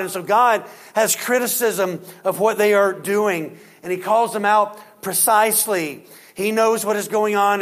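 A man preaching a sermon as pastor. He stresses points with rising force and drops low and quiet to read scripture. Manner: preaching with rising emphasis, then dropping quiet for scripture reading.

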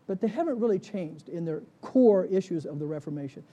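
A man's voice: sits high, expressive, brisk, dark tone. A man, a pastor, leading a conversational Bible study, often checking in with the class with questions.

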